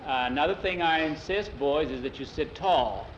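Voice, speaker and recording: A man's voice: a little high, moderate pace, slight background noise, close to an everyday voice. A man doing a stern, formal schoolmaster. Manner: firm, formal, correcting. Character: stern proper adult male schoolmaster at the dining table. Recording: roomy dull lo-fi recording.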